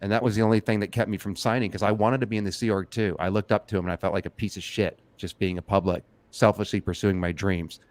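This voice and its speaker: Low-voiced man, blunt and profane. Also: steady tone, fast, few pauses, dry recording. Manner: blunt, swears freely. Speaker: host. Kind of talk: casual livestream chat.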